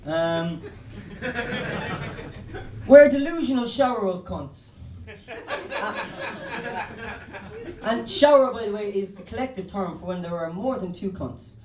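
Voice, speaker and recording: A man's voice: high-pitched, expressive, slow, pauses often. An Irish man doing a stand-up comedy set, rambling loosely and swearing. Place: comedy club stage. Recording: roomy club, distant mic.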